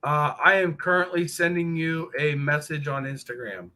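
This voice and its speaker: A man with a high, very bright and piercing voice who chats casually on a live stream. He swears freely and tells joking stories with a lot of energy. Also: moderate pace, rough recording. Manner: profane, joking storyteller. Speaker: guest on a motorcycle live stream.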